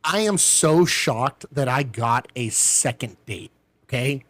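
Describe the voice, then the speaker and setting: A middle-aged man telling a long personal story in casual chat, acting out the people he quotes with big jumps in pitch. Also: animated, slow pace, fairly bright tone, no room sound. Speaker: podcast guest.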